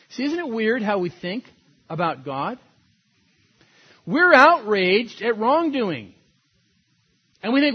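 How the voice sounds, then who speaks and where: A man's voice: extremely high pitch, big pitch swings, a little slow, long pauses, breathy edge, dull audio. A man preaching a sermon as a pastor, in a conversational, storytelling way that laughs at its own points.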